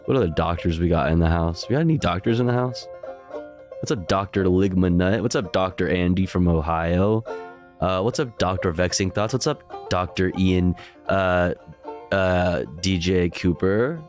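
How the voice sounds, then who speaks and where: Low voiced guy streaming, goofy casual chat w viewers, faint music behind. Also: moderate pace. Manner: playful, jokey, greets chat members one by one. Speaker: livestream host.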